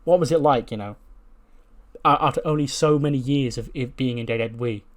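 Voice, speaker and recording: A man's voice: medium pitch, fairly quick, natural voice. A man voicing a boastful, brash male wrestling talk-show host who calls people lad and stumbles over his words. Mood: cocky.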